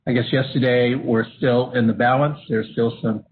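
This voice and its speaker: A man moderating a webinar and walking through slides, halting with many fillers and restarts, coughing at times. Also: mid-range voice, steady tone. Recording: phone-line audio with faint hiss.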